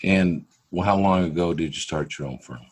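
A man with a very low voice hosts a podcast interview. He asks his questions in a measured, admiring way. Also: slightly rough.

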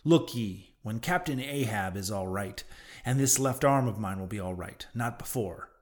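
In a fairly low, natural voice at normal speed, a man plays a ragged old male sailor prophet. His lively intonation carries mocking, emphatic, old-fashioned seafaring talk with an ominous air.

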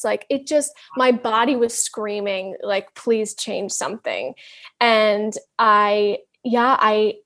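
Earnest woman wellness guest. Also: a little high. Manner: earnest, candid, halting restarts. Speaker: interview guest, wellness counselor. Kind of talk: casual interview chat.

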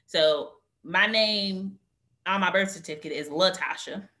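A woman with a low-pitched but bright, forceful voice, talking as a guest in a podcast interview. She tells her stories with animation and acts out the lines of people in them. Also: a little slow. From United States. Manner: animated storyteller, acts out quotes. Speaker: guest, career coach. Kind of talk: conversational interview.

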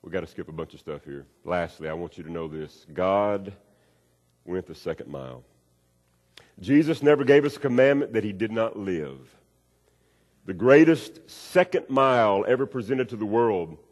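A man preaching a sermon, acting out a story with swings between loud and hushed delivery. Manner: storytelling with acted-out voices, wide swings in pitch and loudness. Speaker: pastor. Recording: long reverb of a hall.

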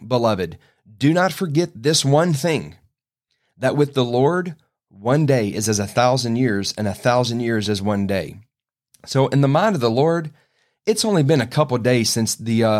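Male preacher, earnest folksy sermon, emphatic bursts, mid-range voice. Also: medium pitch. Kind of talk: sermon podcast with scripture reading.

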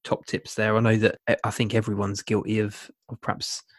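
A man's voice: fairly low pitch, completely flat delivery, fairly quick, no room sound, studio quality. A man hosting a podcast interview, chatty and easygoing, laughing often and repeating words as he searches for them. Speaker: podcast host. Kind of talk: casual interview chat.

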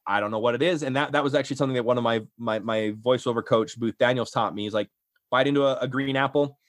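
A man's voice: mid-range voice, fairly even intonation, racing, no room sound, clean studio sound. A young adult man, a voice actor, chatting casually in an interview in a self-effacing way. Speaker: voice actor and audiobook narrator.

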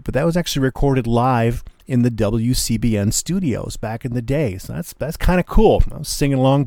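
A man's voice: medium pitch, creaky, darkish tone, no echo, studio quality. A man hosting a radio music show, chatting casually and enthusiastically about the records he plays.

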